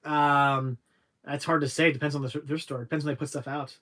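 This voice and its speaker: A young adult man hosting a casual livestream, reading viewer questions aloud and answering in a halting, rambling way. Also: on the high side, little pitch movement, fairly bright tone. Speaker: livestream host answering chat.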